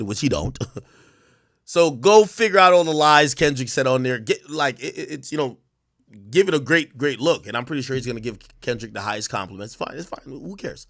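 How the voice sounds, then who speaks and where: A man's voice: medium pitch, animated, brisk, fairly bright tone, no echo, clean studio sound. A man in his thirties hosting a livestream, ranting to his chat in a profane, mocking way and laughing often. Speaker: livestream host. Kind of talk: casual rant to a live chat.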